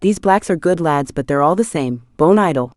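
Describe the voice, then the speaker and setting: A woman's voice: low voice, expressive, normal speed, darkish tone, no echo, clean studio sound. A woman voicing a brash, crude male maintenance manager who swears and talks bluntly, in an audiobook. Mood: gruff. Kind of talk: audiobook character voice.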